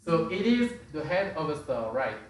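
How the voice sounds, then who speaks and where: A man's voice: fairly high pitch, very animated, normal speed. Hesitant man, echoey room. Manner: hesitant, many fillers and restarts. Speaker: spice expert presenter. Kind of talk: casual explanatory talk. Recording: very echoey room, distant from mic.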